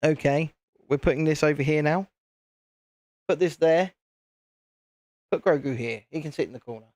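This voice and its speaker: A man's voice: fairly high pitch, normal speed, darkish tone, no room sound. British male streamer, chatty and self-mocking, dry sound. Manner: chatty, self-deprecating, talks to viewers. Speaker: live-stream host. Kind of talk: casual live-stream chat.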